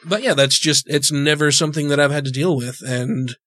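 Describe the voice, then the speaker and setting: A man telling stories on a casual podcast in a profane, animated way. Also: fairly high pitch, fairly quick.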